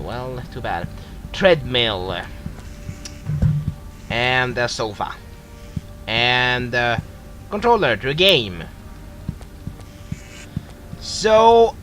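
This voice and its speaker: A man commenting casually on a game as he plays. He talks slowly with a pitch that swings widely and runs somewhat high, and he hums, laughs and exclaims. Music plays clearly beneath his voice. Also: low-quality recording. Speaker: gameplay commentator. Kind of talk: casual let's-play commentary.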